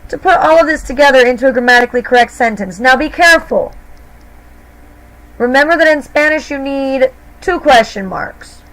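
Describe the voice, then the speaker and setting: A woman's voice: high voice, fairly bright tone, rough recording. A woman teacher explaining grammar to her students patiently, step by step, in a recorded lesson. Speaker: Spanish teacher.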